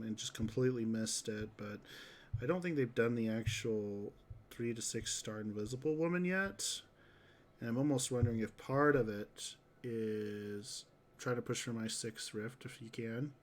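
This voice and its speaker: Speaking at a normal speed with a medium-pitched voice, a man livestreams a mobile game. His commentary is casual as he chats and reacts to his viewers, saying "dude" a lot.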